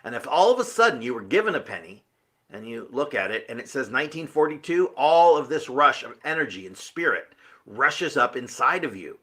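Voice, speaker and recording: A man's voice: mid-range voice, very animated, a little fast, a bit bright. A man giving an earnest, emphatic motivational talk, full of rhetorical questions. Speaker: motivational speaker.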